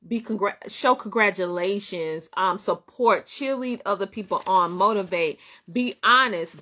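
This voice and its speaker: A middle-aged woman with a Southern twang coaches her live-stream viewers in a preachy, emphatic way, driving her points home by repeating them. She has a medium-pitched voice and laughs easily between points. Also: a bit bright. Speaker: business coach and show host. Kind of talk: live-stream motivational talk.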